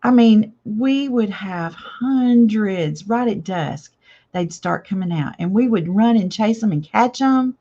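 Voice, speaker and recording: A woman's voice: medium pitch, animated, slow, dark tone, highs cut off. An older woman hosting a casual live craft chat, chatty and reading viewer comments aloud with frequent laughs. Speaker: craft channel host.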